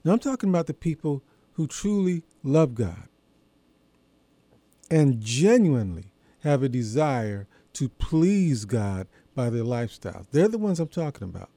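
A man hosting a religious radio program, preaching in a measured, emphatic way with deliberate pauses. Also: medium pitch, very animated, dark tone, dry recording. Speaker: radio show host and preacher. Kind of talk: radio sermon.

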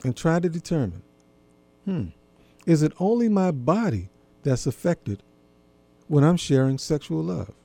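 Guy talking earnestly to listeners, kinda high mellow voice, dry sound with a faint hum. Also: sing-song, a little slow, vocal fry, pauses often. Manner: earnest, gently instructive, repeats phrases. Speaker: marriage and intimacy speaker. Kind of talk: reflective talk to listeners.

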